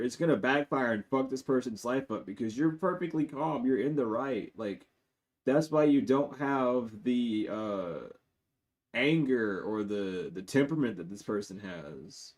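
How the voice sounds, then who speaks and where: A man gives a live-streamed tarot reading to his viewers, blunt and profane, swinging between loud outbursts and low, muttered asides. He's animated and speaks at a measured pace.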